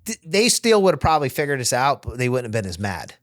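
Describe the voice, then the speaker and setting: A man's voice: mid-range voice, big pitch swings, fast talker, a bit bright, no echo, clean studio sound. Profane man telling a wild story. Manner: profane, vivid storyteller acting out quoted dialogue. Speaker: podcast guest. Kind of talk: casual storytelling interview.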